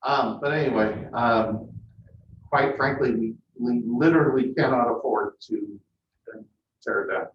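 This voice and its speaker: A man speaking at a public meeting as airport manager, plainspoken and hesitant with frequent pauses. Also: medium pitch, a little hiss or hum. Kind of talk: meeting discussion. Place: council meeting room. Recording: echoey, distant, muffled meeting audio.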